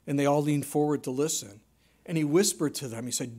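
Male pastor, high voice, sermon delivery, dramatic loud-to-hushed contrasts. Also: brisk. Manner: dramatic swings from loud emphasis to hushed near-whisper.

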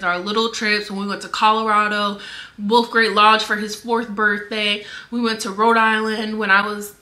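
Bright-voiced young woman speaking earnestly. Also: medium pitch. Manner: earnest and defensive, many fillers. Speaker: vlogger answering rumors. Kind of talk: casual personal statement to camera.

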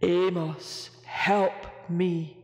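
A woman voicing a huge, kind male whale who speaks in a low rumble. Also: level tone, very slow. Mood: pleading, worried. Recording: echoey room with long reverb.

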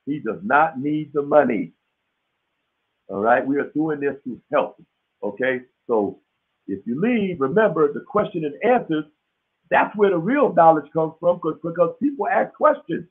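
A man with a fairly high, husky voice teaches a live webinar in a folksy, emphatic way, checking in with his listeners as he goes. His throat sounds dry. The audio comes through thin and phone-like, as on a web call. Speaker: webinar host teaching business credit. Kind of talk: casual live webinar lecture.

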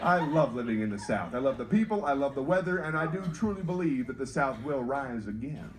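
A man's voice: mid-range voice, expressive, a little fast, noisy background. A man from North Carolina doing stand-up comedy and playful crowd work.

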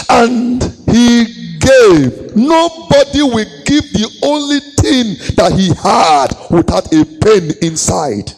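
A man preaching a sermon as pastor, chanting his phrases, swinging from shouts down to low murmurs. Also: a little hiss or hum, poor audio.

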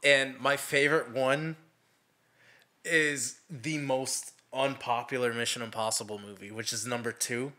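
A man's voice: mid-range voice, steady tone, unhurried, sharp tone. A man co-hosting a podcast, chatting casually about movie trailers and laughing often. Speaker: podcast co-host.

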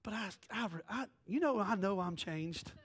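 A man's voice: high voice, normal speed, breathy edge. A man preaching a sermon as pastor, telling a story with quoted voices and jokes. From American South. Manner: animated, joking, jumps between quoted voices.

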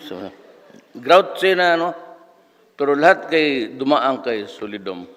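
A man's voice: mid-range voice, expressive, measured pace, long pauses, fairly bright tone. A man in his seventies from the Philippines, giving a rambling, anecdotal speech as guest speaker at an alumni event. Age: 70s. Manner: rambling, storytelling, mixes languages. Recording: echoey hall.

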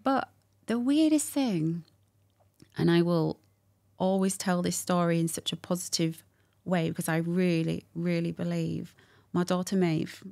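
A woman telling a personal story as a guest in a candid conversation, animated and acting out what people said, with frequent laughs. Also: lowish voice, a little slow, gravelly. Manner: animated, acts out quotes, laughs often.

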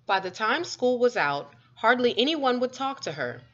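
A woman reading a children's story aloud with expressive, lively storytelling. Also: fairly high pitch, moderate pace. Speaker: storybook reader. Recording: dull lo-fi recording.

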